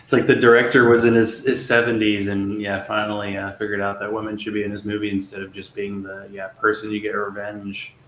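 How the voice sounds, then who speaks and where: Low-voiced man with dry humor, roomy sound. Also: monotone, fairly quick, few pauses, a bit bright. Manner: dry, joking. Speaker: podcast co-host. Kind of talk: casual chat. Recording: roomy with faint noise.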